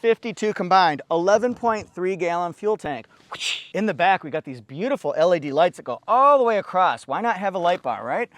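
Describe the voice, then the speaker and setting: A man giving an excitable car review walkaround, often exclaiming as he points out features. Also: high-pitched, a little fast, no echo.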